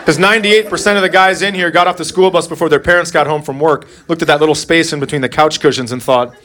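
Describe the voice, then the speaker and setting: A man's voice: fairly high pitch, fast. Exasperated middle-aged man ranting on stage. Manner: animated, rising into loud exasperated rants. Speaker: stand-up comedian. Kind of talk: stand-up set. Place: comedy club stage with a live audience. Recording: very noisy live club recording.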